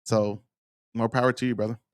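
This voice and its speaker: A man's voice: medium pitch, level tone, fairly quick. A man giving casual, worked-up reaction commentary on interview clips, blunt and profane.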